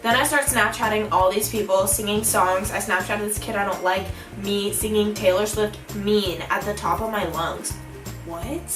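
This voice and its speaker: A young woman vlogger telling a storytime in an animated, giggly way, acting out her own shouts. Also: mid-range voice, moderate pace, far from the mic. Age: young adult. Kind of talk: storytime vlog. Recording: echoey room, a bit off-mic, music behind.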